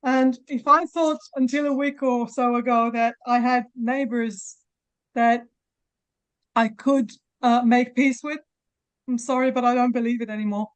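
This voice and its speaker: Woman around 40s choking back tears, pitchy voice, stops and restarts a lot. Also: fairly even intonation. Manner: halting, with many restarts. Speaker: press conference speaker. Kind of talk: emotional testimony.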